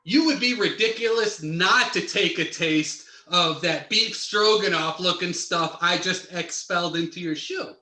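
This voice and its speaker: A man's voice: high voice, unhurried, few pauses, sharp tone, roomy sound, heavily acted. A man playing a prim, overly polite male house cat who is jealous of a rival pet, in an improv comedy scene. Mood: coaxing.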